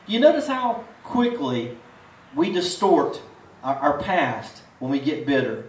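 A man's voice: high-pitched, animated, slow pace. A man preaching a sermon at a drive-in church service, folksy and conversational, full of rhetorical questions. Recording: roomy echo, distant mic.

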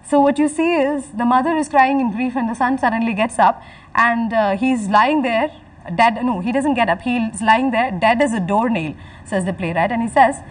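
A woman giving a literature lecture, explaining slowly and repeating her phrases, and acting out lines from the text. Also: on the high side, far from the mic, low-quality recording. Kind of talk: recorded lecture.

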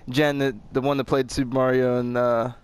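A young man giving loud, joking, profane commentary while playing a video game. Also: medium pitch, level tone, brisk, clear, resonant tone. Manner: loud, joking, swears often. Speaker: gaming channel host. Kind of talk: casual gameplay commentary. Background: game music and gunfire.

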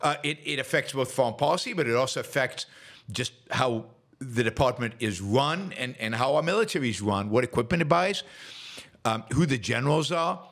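A man's voice: medium pitch, a bit bright. A middle-aged man hosting a solo political commentary show, talking scornfully with many restarts and fillers.

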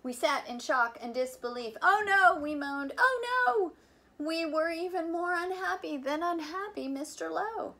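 A woman volunteer reading a picture book aloud for children in an animated, playful way, with chatty asides about the pictures. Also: high-pitched, normal speed, hardly any pauses. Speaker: volunteer reader.

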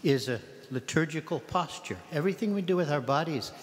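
Abbot preaching in a reverberant church. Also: male voice, a little high, brisk. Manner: animated, acts out the prayers and the people in the pews. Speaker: abbot giving a parish mission talk. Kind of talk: sermon.

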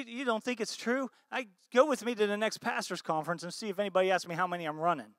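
An American pastor delivers a sermon, alternating between loud, emphatic bursts and soft, low asides. He frequently puts rhetorical questions to the congregation. The recording is studio quality with no echo.

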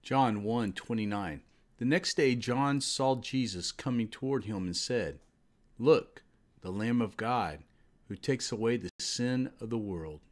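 A man giving a Bible study commentary, explaining slowly and citing verses. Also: medium pitch. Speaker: Bible teacher.

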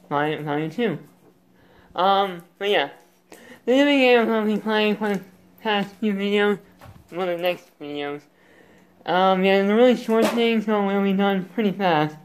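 A man's voice: high voice, fairly bright tone, smooth. A man hosting his gaming channel with casual let's-play commentary, rambling and goofy, breaking off mid-thought. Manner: rambling, self-interrupting, goofy.

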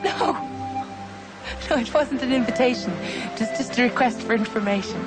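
A woman's voice: a little high, moderate pace, close to an everyday voice. An actress playing a bold, teasing young woman in a film. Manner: teasing, lively. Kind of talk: film drama acting. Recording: film clip with loud music.

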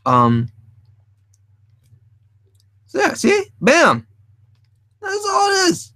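A man's voice: high voice, huge pitch swings, slow pace, long pauses, a bit bright, no echo, clean studio sound. A man hosting a casual live drawing tutorial, rambling and thinking aloud as he sketches, adding playful sound effects. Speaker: art stream host.

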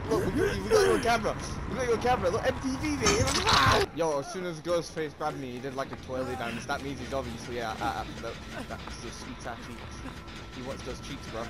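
Rowdy high-voiced gaming commentator man. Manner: rowdy, teasing, bursts into shouts. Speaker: gaming video creator. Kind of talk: crude joking game commentary. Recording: loud background noise.

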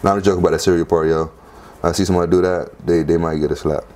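A man hosting a home cooking video, talking casually and lively as he walks through each step. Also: very fast. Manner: chatty, lively, punctuates steps with "boom".

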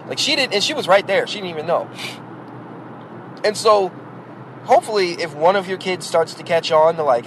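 Against a noisy background, a fairly high-pitched, animated man talks at a moderate pace. He's a podcast host and parent holding forth bluntly and at length on raising children, casual and opinionated, posing rhetorical points directly to the listener.

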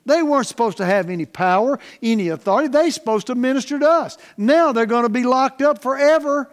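A man preaching a sermon as the pastor, in a folksy, plain-spoken way, with emphatic swings between loud stresses and quiet asides. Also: extremely high pitch, a little fast.

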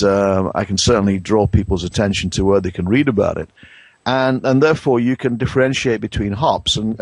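A middle-aged Englishman with a low voice explains brewing science as an interview guest, often stopping and restarting his sentences. The recording is dry and close, with no room sound. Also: gravelly, darkish tone, slightly rough, no echo. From England. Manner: hesitant, many restarts and fillers. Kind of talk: conversational expert interview.

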